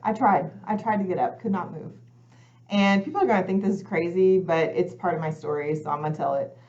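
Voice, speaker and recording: A woman's voice: on the low side, fairly quick, darkish tone. A woman, a guest coach on a talk show, telling her personal story in earnest and acting out her own past thoughts as she goes. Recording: slightly muffled lo-fi audio.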